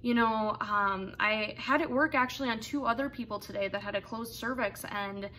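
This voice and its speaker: A woman's voice: on the high side, normal speed, pushed and bright, slight background noise. A young woman candidly telling a personal story in a casual, rambling way, full of fillers and asides. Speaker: vlogger telling her birth story.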